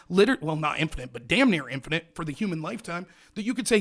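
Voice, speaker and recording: Loud, fast-talking male host. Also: high-pitched, expressive. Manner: loud, passionate, repetitive hectoring questions. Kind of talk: heated call-in debate.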